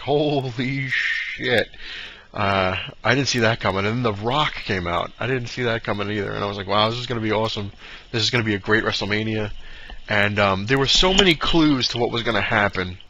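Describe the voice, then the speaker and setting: A man's voice: lowish voice, sharp tone, muffled recording, a little hiss or hum. A man ranting casually in a vlog, rambling with many fillers and restarts. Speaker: vlogger.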